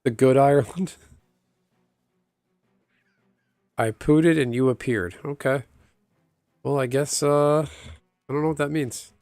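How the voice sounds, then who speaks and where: A man's voice: medium pitch, fairly even intonation, measured pace, a little mellow, no echo, studio quality, soft background music. A man chatting casually on a livestream, rambling and answering viewers' chat aloud. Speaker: live streamer.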